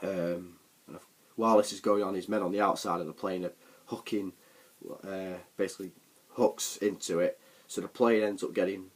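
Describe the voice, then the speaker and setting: A man giving a casual, rambling film recap for a vlog, with frequent fillers and restarts. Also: low voice. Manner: rambling, full of ums and restarts. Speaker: film reviewer.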